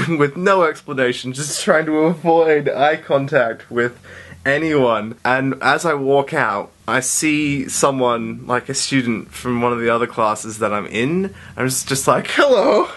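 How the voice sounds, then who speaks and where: A young man, a university student telling a story to his vlog camera in an animated, laughing way. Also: mid-range voice. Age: young adult. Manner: animated, laughing, acts out quoted voices.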